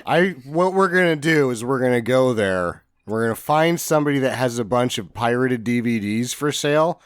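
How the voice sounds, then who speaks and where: Dude, mid-range voice, dry deadpan jokes on a comedy podcast. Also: male voice, medium pitch, moderate pace, smooth, no room sound. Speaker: podcast co-host. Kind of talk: casual comedic chat.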